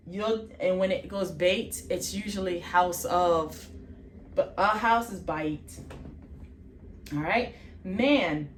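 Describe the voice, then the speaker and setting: A woman teaching vocabulary in an informal lesson, slowly sounding out letters and repeating each word many times, often correcting herself. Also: on the low side, roomy sound. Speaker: faith channel host teaching vocabulary.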